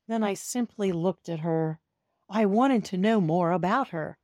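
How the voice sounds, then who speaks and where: A woman's voice: medium pitch, dry recording, clean studio sound. A woman reading a children's storybook aloud, narrating as a cat in the first person and talking directly to young listeners. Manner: slow, expressive storytelling that talks to young listeners. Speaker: storybook reader.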